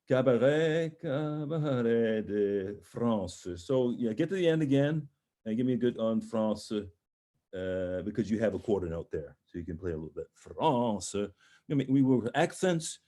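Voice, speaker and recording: A man's voice: on the low side, sing-song, normal speed, mellow. A man coaching a young singer over a video call, talking through phrasing with hesitant, encouraging remarks and sung sample words. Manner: encouraging, hesitant, sings and speaks sample words in French and German. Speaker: voice coach leading a master class. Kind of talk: online master class coaching.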